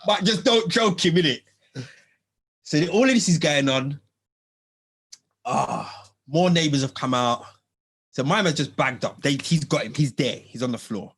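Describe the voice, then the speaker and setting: A man, telling a story in casual chat, animated and slangy, acting out what people said. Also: medium pitch, moderate pace, husky. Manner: animated, slangy, acts out quotes in lively voices. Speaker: podcast host.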